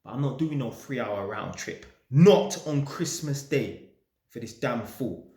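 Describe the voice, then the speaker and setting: A man telling a story in an animated way, swearing and bursting into shouts. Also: mid-range voice, unhurried, echoey room. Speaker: landlord vlogger. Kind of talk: casual storytelling rant.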